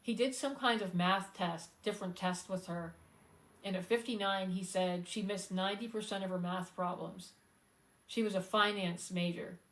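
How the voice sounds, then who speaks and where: A woman talking casually on a live stream, heartfelt and close to tears, pausing often with fillers. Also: medium pitch, steady tone, fairly bright tone, poor audio. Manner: heartfelt, halting, many fillers, fighting back tears. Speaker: singer-songwriter hosting a live stream.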